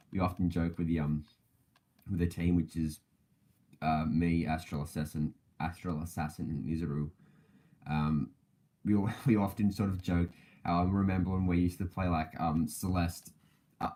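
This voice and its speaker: A man's voice: low voice, dark tone. A man hosting a casual podcast livestream, rambling with many fillers and self-corrections and laughing often between thoughts. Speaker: podcast host.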